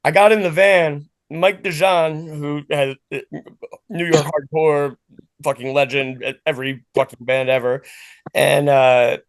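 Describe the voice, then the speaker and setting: Guest casting: lively Baltimore-accented guy, higher than average voice, dry close sound, yo-dropping storyteller. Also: unhurried, dry recording. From Baltimore, United States. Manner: animated, says "yo", self-deprecating. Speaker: guest musician. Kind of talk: casual storytelling.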